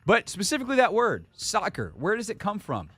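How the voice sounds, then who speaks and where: A man hosting a sports radio show, talking casually in an animated, jokey way. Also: sits high, fairly quick, husky, no echo.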